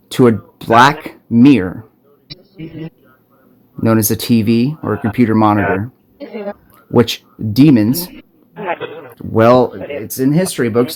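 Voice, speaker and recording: A man from Arizona with a medium-pitched, darkish voice acts as a self-made video preacher, recording on his smartphone. He gives an urgent, impassioned spiritual warning laced with profanity, often stumbling and starting over.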